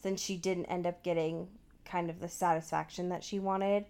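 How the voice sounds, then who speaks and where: A woman co-hosting a podcast recaps a TV show in casual chat, retelling its scenes as animated stories packed with swearing and "like" fillers. Her voice is fairly low and her pace moderate.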